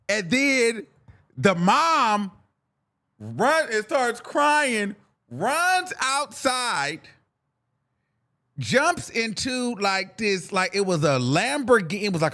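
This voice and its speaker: A man with a high voice tells a long, wandering story on his podcast. His tone is bright and sharp, and he is loose and profane, jumping into other people's voices as he goes. It sounds like casual talk, not a reading. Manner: animated, rambling, profane, acts out voices in the story. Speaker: podcast host.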